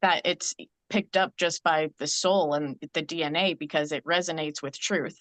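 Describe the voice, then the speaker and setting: A woman's voice: low voice, fairly even intonation, normal speed, a bit bright, no echo. Earnest woman, dry close sound. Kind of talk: casual chat.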